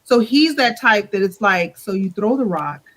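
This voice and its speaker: Sex: woman. Role: podcast guest. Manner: expressive, acts out quotes. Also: medium pitch, moderate pace. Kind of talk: casual chat.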